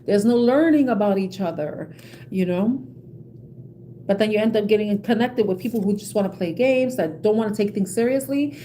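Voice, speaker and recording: A woman's voice: medium pitch, moderate pace, warm tone, a little hiss or hum. A woman giving a casual tarot reading to her viewers, chatty and laughing often, with many "you know"s. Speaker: tarot reader.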